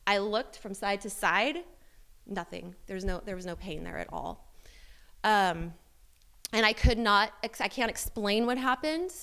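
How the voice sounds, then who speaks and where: A woman's voice: medium pitch, a little slow, vocal fry, pushed and bright. Woman telling a candid personal testimony. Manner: candid, self-deprecating storytelling with many fillers. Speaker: church member sharing testimony.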